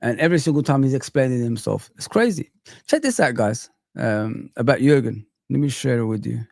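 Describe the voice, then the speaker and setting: A man hosting a casual football live stream, reacting excitedly to clips and chatting with viewers. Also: medium pitch, brisk, creaky, no echo, studio quality.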